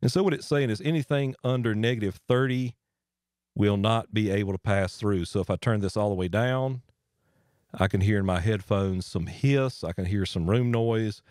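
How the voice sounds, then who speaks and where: In his home studio, with an air handler running, an easygoing man demos audio gear hands-on, explaining in a relaxed, folksy manner full of asides. His lowish voice comes at normal speed through a close dynamic studio mic and voice processor, sounding dry with no echo.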